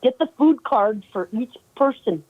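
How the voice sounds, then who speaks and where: A woman co-hosting a casual live talk show, chatty and quick to laugh as she tells stories. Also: fairly high pitch, slightly rough, phone-quality sound. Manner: chatty, laughing, animated storytelling. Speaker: co-host.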